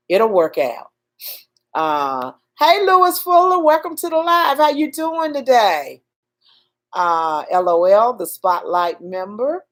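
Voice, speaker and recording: A woman with a Southern accent chats through a livestream, greeting viewers by name and preaching encouragement in a folksy way. She talks slowly and deliberately. Her pitch leaps high and drops low, swinging between loud urging and soft asides. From Southern United States. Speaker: livestream host. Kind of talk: casual live-stream chat.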